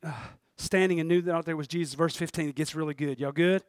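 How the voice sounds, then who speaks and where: High-voiced preacher, very dry sound. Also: male voice, quick pace, no room sound. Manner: folksy, animated, swings between loud and hushed. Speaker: pastor. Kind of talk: sermon.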